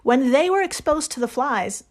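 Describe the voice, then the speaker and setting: A woman's voice: high voice, expressive, moderate pace. A woman hosting a casual podcast, presenting a science story in playful slang and often stumbling over her words. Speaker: podcast host.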